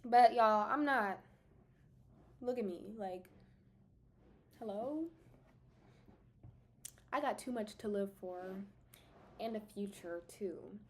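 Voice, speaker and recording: A woman's voice: mid-range voice, takes it slowly, pauses often, slight background noise. A young adult woman venting casually to her viewers, emphatic and exasperated, talking straight to the camera. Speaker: vlogger.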